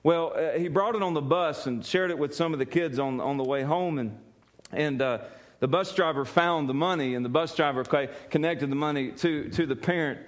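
A man preaching a sermon, telling a story in an animated way, often laughing and repeating words as he goes. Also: fairly high pitch, normal speed. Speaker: pastor.

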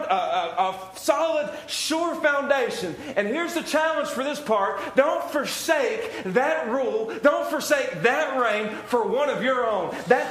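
Male preacher, high voice, earnest and repetitive sermon style, echoey room. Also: a bit bright.

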